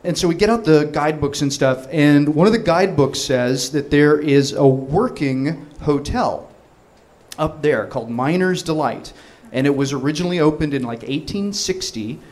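A man telling a comic personal story, rambling and animated, with lots of restarts and fillers. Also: a little high, normal speed.

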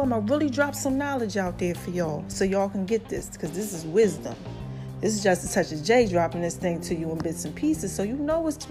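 Animated New Jersey woman with Southern lilt. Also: high voice. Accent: New Jersey mixed with Southern US. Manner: animated, talks straight to viewers with slang. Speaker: vlogger. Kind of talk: casual faith testimony vlog.

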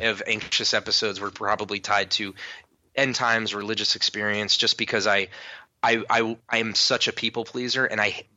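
Earnest man with a bright, lo-fi sound. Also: on the low side, no echo. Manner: earnest, halting, with frequent self-restarts. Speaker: interviewee. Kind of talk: candid personal recollection.

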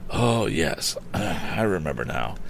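A man's voice: deep voice, big pitch swings, slow, creaky, slight background noise, heavily acted. A man voicing a shaken, injured male stranger who speaks faintly and stammers but stays determined, in a storybook reading.

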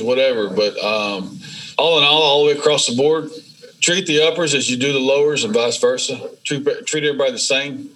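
A man, a business owner being interviewed, telling stories in a casual, animated way and acting out the dialogue. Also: mid-range voice, rough recording. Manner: animated, acts out dialogue in storytelling. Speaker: welding business owner, guest. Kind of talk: casual storytelling.

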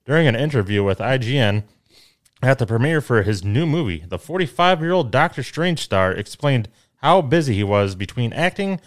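A man's voice: medium pitch, lively intonation, normal speed. A young man co-hosting a podcast in casual chat, laid-back, laughing often and reading news aloud. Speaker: podcast co-host.

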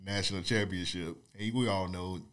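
A man co-hosting a casual podcast with a deep voice that is going hoarse, talking in an animated way and acting out quotes. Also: normal speed. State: losing his voice. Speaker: podcast co-host.

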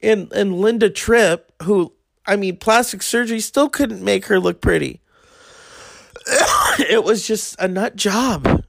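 Gravelly man telling a crude story. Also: high-pitched, slow pace, fairly bright tone, dry recording, clean studio sound. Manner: crude, rambling, acts out quoted voices. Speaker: podcast host. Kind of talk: casual storytelling monologue.

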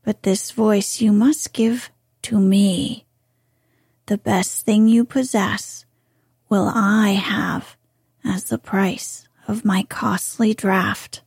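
A woman voicing a scheming, ancient sea witch in whispered role-play, speaking softly and slowly. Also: mid-range voice, fairly even intonation, creaky, breathy edge, no echo, studio quality, exaggerated voice. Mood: demanding. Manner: soft, slow whispering.

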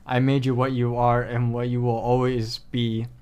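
Young adult man with a smooth, resonant voice, chatting eagerly on a podcast and tossing out theories and wisecracks in a middle register. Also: mid-range voice, normal speed. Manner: excitable, jumps in with theories and jokes. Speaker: podcast co-host. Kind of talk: casual chat recapping an episode.

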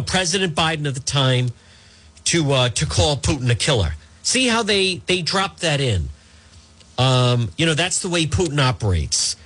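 A man's voice: fairly high pitch, a bit bright. A man hosting a talk show, giving casual political commentary in a rambling way, with many fillers and restarts. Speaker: radio talk show host.

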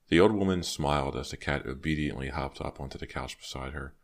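A man reading a novel aloud as an audiobook narrator, telling the story in a steady, even way. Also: rumbling low, brisk, hardly any pauses. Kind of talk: scripted narration.

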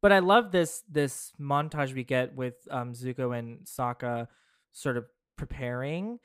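A podcast co-host talking through ideas in casual chat, hedging and restarting as thoughts form. The voice is smooth and clear, recorded dry and close with no room sound. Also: medium pitch, unhurried, no echo.

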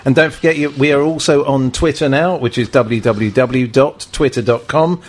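Brief: easygoing male co-host, mid-pitched, casual football banter. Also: normal speed. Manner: relaxed, reads listener plugs. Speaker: podcast co-host.

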